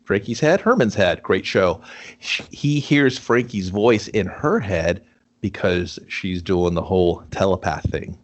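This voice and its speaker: A man's voice: low voice, unhurried, dull audio. A man co-hosting a casual movie review podcast, joking crudely and slipping into mock voices as he recaps the plot. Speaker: podcast co-host.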